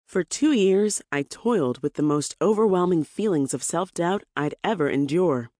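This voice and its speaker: Dry, measured first-person book narrator. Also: medium pitch, expressive, a little mellow, no echo. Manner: measured, reflective reading with slow pauses on key phrases. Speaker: author narrating a self-help book.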